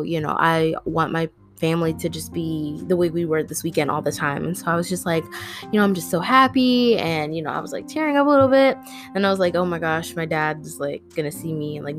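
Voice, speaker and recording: A woman's voice: sits low, steady tone, a little fast. A young woman vlogging, telling a personal story in a rambling, earnest way with lots of fillers. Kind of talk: casual storytelling to camera. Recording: faint guitar music behind.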